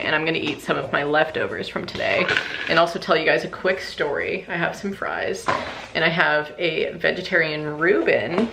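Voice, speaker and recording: Young woman, low voice, gravelly fry, chatty vlog to camera, filler-heavy storytelling. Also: noisy background. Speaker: vlogger. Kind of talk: casual vlog talk to camera. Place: indoors at a rented cabin at night. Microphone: handheld camera.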